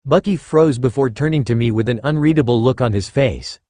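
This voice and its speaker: A man narrating a first-person fan fiction story in an expressive reading style. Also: medium pitch, brisk, dry recording.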